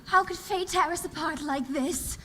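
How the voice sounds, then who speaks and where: A woman's voice: very high voice, normal speed, sharp tone, slight background noise. A woman playing a vain, flighty young fiancée in a school stage musical, dramatic and affected. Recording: long hall reverb with faint music.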